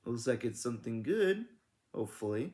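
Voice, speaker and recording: A man reads a children's chapter book aloud in a relaxed, unpolished way. He stumbles and corrects himself now and then. His voice sits in an ordinary middle range. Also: medium pitch, normal speed. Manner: casual, self-correcting. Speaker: read-aloud narrator.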